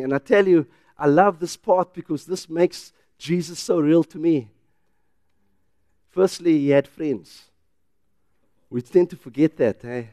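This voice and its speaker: A man with a South African English accent preaching a sermon in church, swinging from loud emphatic declarations to quiet personal storytelling. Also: on the high side, unhurried, long pauses, dry recording, clean studio sound. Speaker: pastor.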